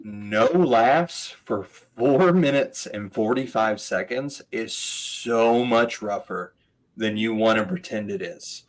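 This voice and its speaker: A man in his thirties chatting casually, telling animated stories, laughing often and mimicking voices. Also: on the low side, takes it slowly, poor audio. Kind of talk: casual chat.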